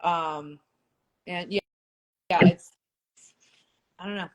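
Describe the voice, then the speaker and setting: A young woman who was once a reality show contestant chats casually on a livestream over a phone mic, rambling with plenty of fillers and laughing often. Her voice is lowish and steady, and she takes her time.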